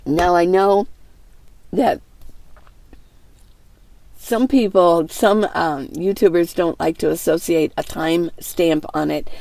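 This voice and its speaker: Older woman with a low gravelly voice. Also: slow pace, pauses often, no echo. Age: 60s. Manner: rambling, warm-hearted, many fillers and restarts, laughs often. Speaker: van life vlogger. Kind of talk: casual reflective monologue to camera. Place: inside a minivan.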